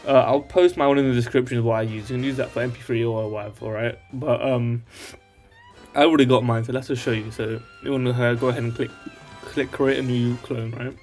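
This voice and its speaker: A man's voice: medium pitch, steady tone, brisk, darkish tone, faint music behind. Male tutorial host, casual and rambling, checks in with "alright?" constantly. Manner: rambling, tags lines with "alright?". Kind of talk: casual screen-share tutorial.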